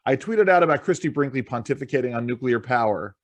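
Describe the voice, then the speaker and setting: A man's voice: medium pitch, animated, quick pace, no echo. Chatty male talk show host, dry sound. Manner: rambling, with frequent restarts and laughs. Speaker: podcast co-host. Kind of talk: casual political talk show chat.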